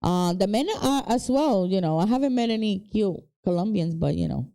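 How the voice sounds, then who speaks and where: Lively woman, teasing podcast banter. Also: mid-range voice, fairly quick, vocal fry. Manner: playful, teasing, laughs often, animated. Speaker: podcast co-host. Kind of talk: casual chat.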